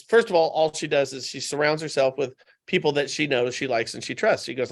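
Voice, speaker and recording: A man appears as a podcast guest in casual conversation, telling stories with animation and repeating points for emphasis. His voice is medium in pitch, and his pace is brisk.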